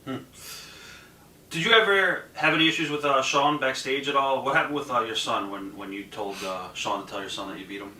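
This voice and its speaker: Male interviewer, very bright voice, brief responses and questions, far from the mic, roomy echo. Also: medium pitch, brisk. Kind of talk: casual interview.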